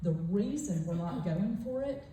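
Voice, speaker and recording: A woman's voice: mid-range voice, lively intonation, measured pace, dark tone, recorded from a distance, slight background noise. A woman gives a forthright, emphatic motivational talk, telling a story to a retreat audience. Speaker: motivational speaker at a sales retreat. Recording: echoey hall, voice off-mic.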